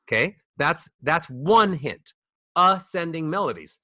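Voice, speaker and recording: Lively, bright-voiced male voice coach. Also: on the high side, normal speed, no echo, clean studio sound. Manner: demonstrates speech melodies with sung-up acted examples. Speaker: voice coach guest. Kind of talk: animated podcast teaching. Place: studio.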